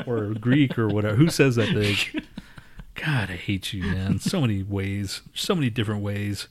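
A man's voice: on the low side, normal speed, noisy background. A man co-hosting a podcast in casual chat, crude and laughing often, with constant swearing. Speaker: podcast co-host.

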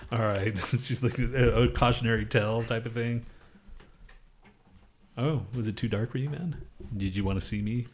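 Young male podcast co-host, mid-pitched, rambling and profane, laughs a lot. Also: steady tone, normal speed, long pauses, slight background noise. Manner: loose, profane storytelling with frequent laughs. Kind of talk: casual chat.

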